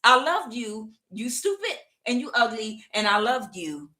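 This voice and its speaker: A woman's voice: a little high, very animated, a little slow, bright, forceful tone, heavily acted. A woman voicing an indignant, betrayed husband who rants mockingly at his unfaithful wife. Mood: ranting. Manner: ranting, mocking, exaggerated indignation.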